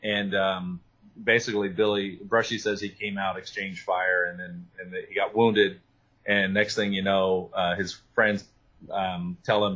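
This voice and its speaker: Husky low-voiced man, talkative author. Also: moderate pace, rough recording. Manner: animated, talkative, full of restarts and asides. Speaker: author and guest. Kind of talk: interview conversation.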